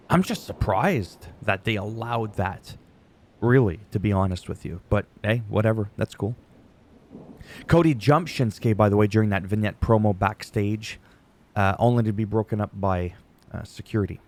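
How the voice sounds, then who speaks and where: A man's voice: on the low side, expressive, normal speed, darkish tone. Rambling, offhand guy recapping wrestling. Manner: rambling, digressive, swears casually. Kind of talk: casual commentary recap.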